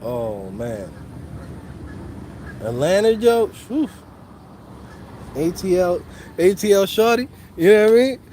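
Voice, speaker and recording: A man's voice: sits high, huge pitch swings, a little slow, long pauses, warm tone, slight background noise. A man from the Dominican Republic with a New York accent, hosting a casual livestream in loose, slangy talk full of swearing, recorded on a phone outdoors. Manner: loose, slangy, swears a lot, laughs often. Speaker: host of a coding channel livestream.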